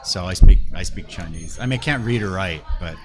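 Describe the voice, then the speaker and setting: A middle-aged man hosting a casual talk show, relaxed, chatty and full of restarts and yeahs. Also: low voice, a little fast, over music. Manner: relaxed, repeats words and restarts often, frequent yeahs. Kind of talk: casual chat.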